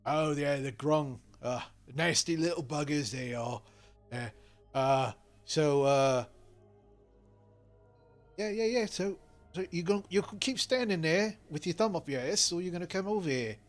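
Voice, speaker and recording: A man's voice: a little high, animated, a little slow, faint music behind. A man voicing a brutish male ogre guard who stammers and talks bluntly and rudely. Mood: impatient.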